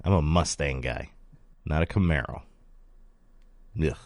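A man's voice: very deep voice, unhurried, a little mellow, no room sound. A man co-hosting a podcast, chatting casually about a movie and dropping dry, wisecracking asides. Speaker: podcast co-host. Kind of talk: casual movie recap chat.

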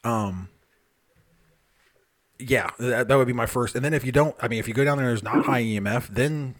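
A man's voice: medium pitch, brisk. A man hosting a paranormal podcast, reading listener emails in a loose, joking way, swearing casually and sipping a beer. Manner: loose, joking, swears freely, drinks beer while talking.

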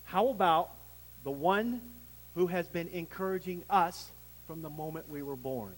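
A man preaching a sermon as pastor, swelling to emphatic peaks and dropping low, with some restarts. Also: unhurried, in a large hall, poor audio.

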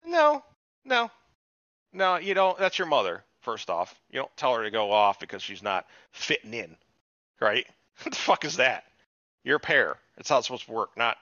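A man's voice: medium pitch, moderate pace, no echo, lo-fi sound. A man chatting casually on a podcast, recapping a TV episode in a rambling, profane way and acting out quotes. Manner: profane, rambling, animated retelling with put-on quotes. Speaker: podcast co-host.

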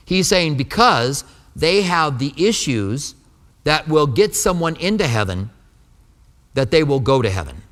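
A man delivers a sermon from the pulpit, slipping into conversational stories and voicing the people in them. His voice sits fairly high for a man. The sound carries the long reverb of a large church hall. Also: big pitch swings, a little slow, a bit bright. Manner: conversational storytelling, acting out quoted dialogue. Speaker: pastor. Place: church sanctuary.

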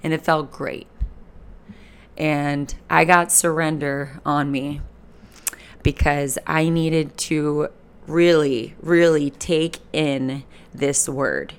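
A woman's voice: low voice, fairly even intonation, takes it slowly, clear, resonant tone. A young woman in her twenties talking candidly in a personal vlog, rambling and emotional, swearing freely. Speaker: vlogger. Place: Fort Lauderdale, Florida. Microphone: camera mic.

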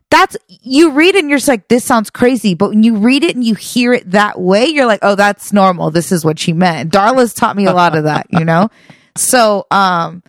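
A woman co-hosting a podcast in casual chat, animated and laughing often as she tells stories. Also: a little high, dry recording. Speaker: podcast co-host.

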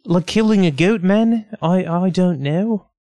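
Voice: mid-range voice, measured pace, crowd noise. Casual player, lots of "like". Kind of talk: casual play at the table.

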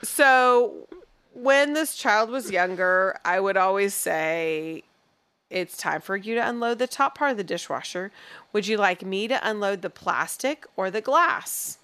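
Middle-aged woman host, chatty and animated storyteller, mid-pitched voice, casual. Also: unhurried, clear, resonant tone. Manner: animated storytelling, slips into voices when quoting. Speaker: podcast co-host. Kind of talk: casual chat.

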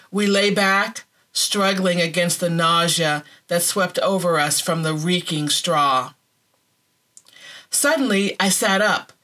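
A woman reading a devotional book excerpt aloud in a measured, unhurried storytelling manner. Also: fairly low pitch, bright, forceful tone. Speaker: reader.

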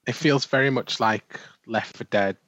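A man co-hosting a casual games podcast, offering measured, dry commentary. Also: medium pitch, fairly bright tone, no room sound, low-quality recording. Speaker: podcast co-host.

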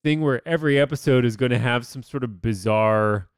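A podcast co-host in casual chat who is jokey and quick to laugh. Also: medium pitch, clear, resonant tone, no room sound, clean studio sound.

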